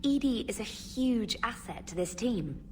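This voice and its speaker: An actress playing a brisk, helpful female communications officer on a starship in a video game, heard from a distance. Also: a little high, lively intonation, a little hiss or hum. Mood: briefing.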